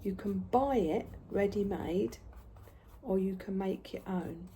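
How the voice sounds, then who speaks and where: A woman's voice: medium pitch, slow, warm tone, slight background noise. A woman telling chatty craft-market stories while she paints, sometimes dropping to a whisper. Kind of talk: casual storytelling while painting.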